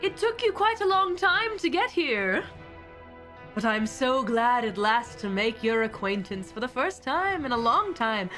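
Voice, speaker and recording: Woman playing a pompous British mayor villain, theatrical and haughty, bright and animated. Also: a little high, unhurried, faint music behind. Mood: smug.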